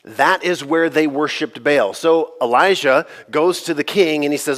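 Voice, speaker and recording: Gravelly-voiced pastor preaching casually. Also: male voice, fairly high pitch, a little slow, few pauses, fairly bright tone. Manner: casual, joking, conversational preaching. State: slightly gravelly from allergies. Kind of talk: sermon.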